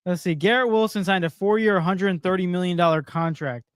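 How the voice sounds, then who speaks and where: A young man co-hosting a casual sports podcast, excitable and quick to laugh, swearing lightly. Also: high-pitched, smooth, no echo, clean studio sound. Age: young adult. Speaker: podcast co-host. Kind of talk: casual chat. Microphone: home streaming setup.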